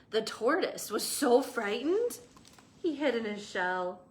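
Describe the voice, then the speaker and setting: A young woman, a children's librarian, reading a picture book aloud to young children with an expressive, engaging manner. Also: a little high, measured pace. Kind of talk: children's storytime read-aloud.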